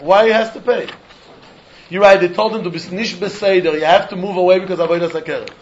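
A man teaching a Talmud lesson, lively and questioning, mixing in Yiddish and Hebrew terms. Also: sits high. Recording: dull lo-fi recording.

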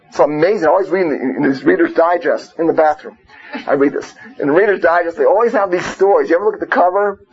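A man's voice: fairly high pitch, fast, husky. A man teaching an informal Torah class, talking conversationally, peppering his points with rhetorical questions and Hebrew and Yiddish terms. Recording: muffled lo-fi recording.

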